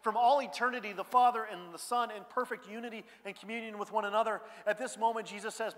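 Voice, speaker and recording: A male pastor preaching a sermon in a conversational way, dropping quiet and then rising loud. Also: sits high, steady tone, fast talker, few pauses. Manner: conversational preaching, swings between hushed and loud. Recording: church hall reverb.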